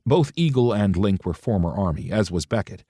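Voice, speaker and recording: A man's voice: on the low side, lively intonation, moderate pace, dark tone, breathy edge, no echo, clean studio sound. A man narrating a romance audiobook, switching into different voices for the characters' dialogue.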